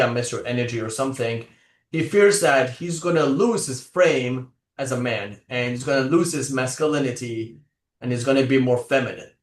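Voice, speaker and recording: A man's voice: medium pitch, reverberant. A man hosting a dating podcast, asking long, rambling questions full of filler words. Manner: rambling, many fillers and restarts. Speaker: podcast host, dating coach. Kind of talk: casual podcast conversation.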